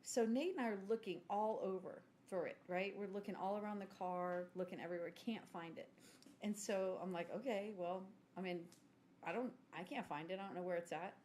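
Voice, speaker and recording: A woman, telling a story in casual podcast chat, self-mocking and clearing her throat now and then. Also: medium pitch, brisk, a little mellow, slight background noise. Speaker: podcast co-host.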